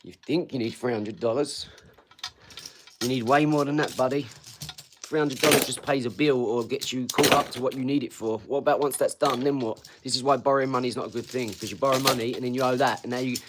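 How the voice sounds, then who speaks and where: A man's voice: medium pitch, fairly even intonation, brisk, very noisy. A man in his forties hosting a casual live stream. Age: 40s. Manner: blunt, rambling, swears freely, talks to viewers. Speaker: livestream host. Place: home front room.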